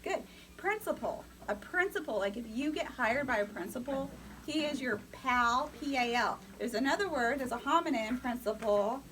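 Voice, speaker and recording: A woman's voice: high-pitched, lively intonation, moderate pace, fairly bright tone, slight background noise, poor audio. A woman teaching future teachers in a classroom, upbeat and coaching, often calling on students. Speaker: teacher educator. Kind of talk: classroom lecture.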